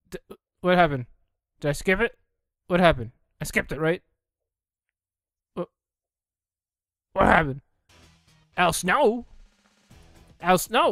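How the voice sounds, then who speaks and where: A high, lively young man gives jokey commentary over a video game, his voice gravelly and sharp. He keeps breaking into mock announcer shouts. The recording is dry and close, with faint game music underneath. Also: slow pace, pauses often, no room sound. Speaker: let's play gamer.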